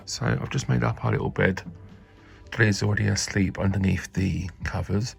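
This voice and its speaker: A man's voice: on the low side, steady tone, normal speed, gravelly, music in the background. A British man chatting casually to camera in a cheeky way, laughing often and swearing mildly as he vlogs about life on his boat. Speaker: narrowboat vlogger. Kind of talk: casual vlog chat.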